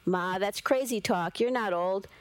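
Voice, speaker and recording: A woman voicing a gentle young male clay golem who speaks slowly and softly, in few words, in a storybook reading. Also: medium pitch, clear, resonant tone, no echo, close to an everyday voice. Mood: soothing. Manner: slow, soft, few words. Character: gentle gray clay golem son, young man, quiet.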